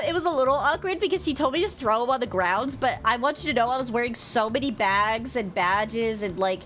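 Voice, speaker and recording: A young woman streamer chatting with her viewers about a convention, bubbly and quick to swear, with lots of "like". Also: on the high side, a bit bright. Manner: bubbly storytelling, swears freely, frequent "like". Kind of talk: casual chat to stream viewers.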